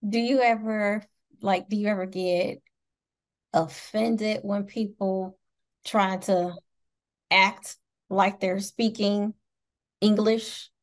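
Midwestern American woman, talk show host; bubbly, giggly, mid-pitched voice. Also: steady tone, takes it slowly, pauses often. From Indianapolis, Indiana, USA. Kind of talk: casual interview chat.

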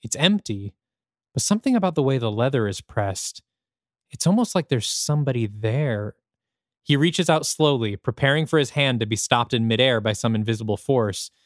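A man's voice: medium pitch, expressive, normal speed, no echo. Male host narrating a screenplay, dry close sound. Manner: dramatic, descriptive present-tense storytelling. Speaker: podcast host.

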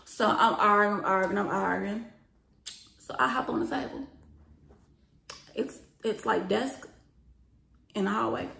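A young woman telling a profane storytime vlog, acting out the quoted lines loudly and with lots of emotion. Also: medium pitch, a little slow, vocal fry, pauses often, reverberant, slight background noise. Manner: animated, profane, acts out quoted lines with rising loudness.

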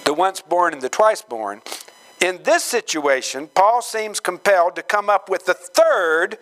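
A man preaching a sermon, slow and emphatic, acting out quoted voices with dramatic swings in pitch. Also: animated, a bit bright, poor audio. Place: church gathering hall.

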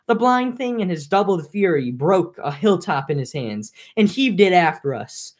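A woman's voice: fairly low pitch, sing-song, normal speed, hardly any pauses. Young woman reading an epic aloud. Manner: casual, filler-heavy asides between reading. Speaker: reader. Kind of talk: amateur epic reading with casual commentary.

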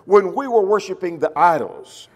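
A man teaching a verse-by-verse Bible class, reading scripture slowly and with emphasis, then explaining it in a conversational way. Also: high-pitched, expressive, in a large hall. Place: church.

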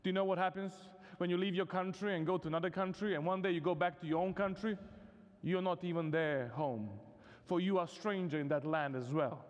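The audio is dull and the large chapel hall adds long reverb as a Serbian guest preacher speaks briskly, his high voice fairly even in intonation. With a Serbian accent, he preaches at a university vespers service in a chatty, humorous manner full of fillers.

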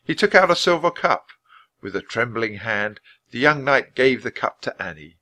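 A man reading a children's chapter book aloud at a clear, measured pace for English learners. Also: mid-range voice, expressive, sharp tone. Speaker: storybook reader.

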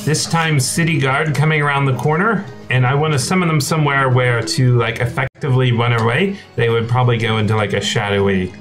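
Player: man, mid-pitch, loose halting delivery, soft music behind. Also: fairly even intonation. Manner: halting, lots of fillers and restarts. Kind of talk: casual tabletop play.

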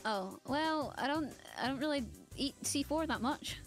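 A woman's voice: sits high, moderate pace, soft background music. A woman from Scotland with a Scottish accent, chatting casually on a voice call while gaming and laughing often. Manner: giggly and animated, laughs often. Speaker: gamer.

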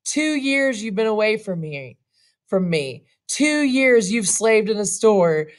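A woman's voice: mid-range voice, sing-song, slow pace. A woman voicing a grieving old father with a cracked, strained voice. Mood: distraught.

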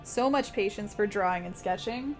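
A young Canadian art streamer paints while chatting casually with her live-stream audience, reading messages aloud and laughing often. Her voice is medium-pitched at a normal speed, with faint music in the background.

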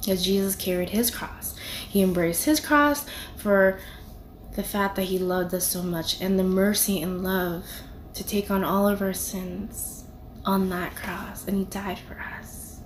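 A woman's voice: medium pitch, fairly even intonation, a little slow, slight background noise. A young woman giving a casual devotional talk, conversational and full of "you know" and "like". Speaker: devotional video speaker.

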